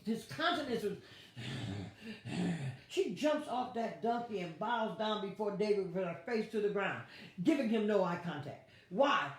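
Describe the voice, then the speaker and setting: A woman pastor, teaching a lively Bible study with playful asides and acted-out quotes. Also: medium pitch. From United States. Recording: very echoey room.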